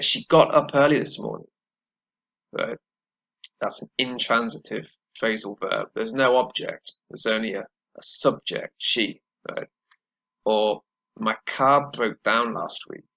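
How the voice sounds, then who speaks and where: Slow, gravelly male English teacher. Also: medium pitch, pushed and bright, poor audio. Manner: explains slowly, often adds "right?" and "all right?". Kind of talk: grammar lesson.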